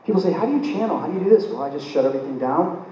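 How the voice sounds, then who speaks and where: Animated man lecturing in an echoey hall. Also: on the high side, racing. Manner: animated storytelling, acting out his own reactions. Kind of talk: live spiritual lecture. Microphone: recorded from the audience. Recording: very echoey room, voice from far off, faint room noise.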